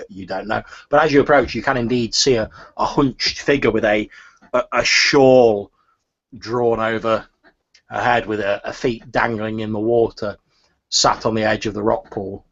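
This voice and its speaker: A man running a tabletop game as game master, narrating scenes in a halting, descriptive way. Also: fairly low pitch, breathy edge, muffled recording.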